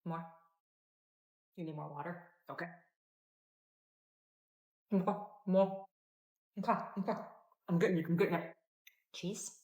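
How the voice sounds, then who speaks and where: A woman talking calmly and patiently as a parent, mixing dry humor into everyday parenting skits and advice. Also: on the low side, fairly quick, long pauses. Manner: calm, patient, dryly wry. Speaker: parent content creator.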